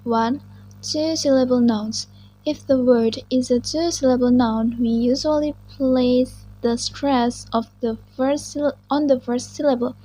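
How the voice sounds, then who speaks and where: Young woman, student presenter, careful unhurried reading, slightly high voice. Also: steady tone, dark tone, rough recording. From Indonesia. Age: young adult. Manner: slow, careful reading with small restarts.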